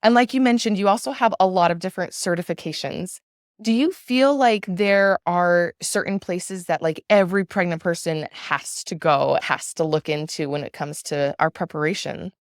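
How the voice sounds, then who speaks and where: Smooth low-voiced woman host. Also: no echo, clean studio sound. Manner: thoughtful, measured, long flowing sentences. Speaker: podcast host. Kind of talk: casual interview conversation.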